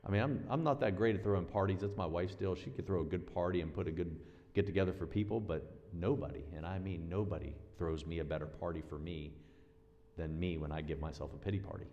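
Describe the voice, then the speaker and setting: A man preaching a sermon as pastor, animated, acting out quoted voices with big swings in pitch and loudness. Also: fast, muffled recording. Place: church sanctuary. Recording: long church-hall reverb.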